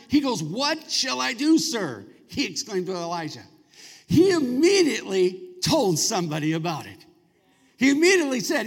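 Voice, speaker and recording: A man's voice: high-pitched, slightly rough. A male pastor preaching a sermon in a church, talking conversationally and prompting the congregation to answer back. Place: church sanctuary. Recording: long reverb of a large hall.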